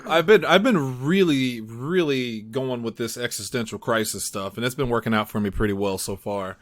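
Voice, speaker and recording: A man's voice: medium pitch, moderate pace. A man hosting a casual comedy podcast, rambling and stumbling through restarts with a chuckle. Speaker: podcast host.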